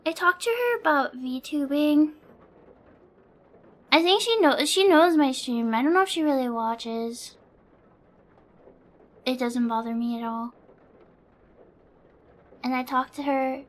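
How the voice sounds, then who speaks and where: A young woman streams and chats casually, in a high voice that sits well above most women's. She talks slowly and sounds sleepy, rambling with plenty of fillers and casual swearing. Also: fairly bright tone.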